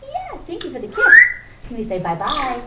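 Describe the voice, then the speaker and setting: A woman's voice: high voice, wildly swooping pitch, moderate pace. Woman coaxing a pet bird in baby talk. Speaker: pet owner. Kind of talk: home video talking to a pet parrot. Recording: roomy, distant home-camera sound with loud noise.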